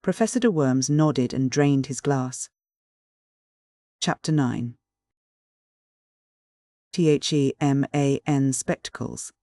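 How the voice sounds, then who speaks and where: A narrator reading a classic novel in a steady, measured audiobook style. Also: medium pitch, no room sound, studio quality.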